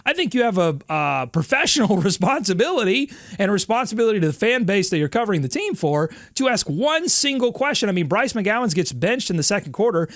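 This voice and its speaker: A man co-hosting a sports podcast, telling stories in a lively, laughing way. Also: high-pitched, quick pace, hardly any pauses, no room sound, studio quality. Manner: animated, laughing storyteller. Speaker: podcast co-host. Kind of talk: casual sports chat.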